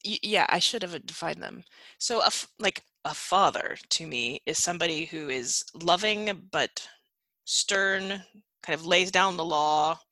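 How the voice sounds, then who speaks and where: A woman hosting a casual interview, halting and searching for her words as she asks questions. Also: lowish voice, sharp tone, no echo. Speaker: podcast host.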